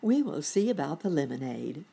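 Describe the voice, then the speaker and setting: Woman as a brisk motherly muskrat nurse. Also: sits low, sing-song, gravelly, warm tone, slightly rough, heavily acted. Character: neat, motherly muskrat housekeeper lady.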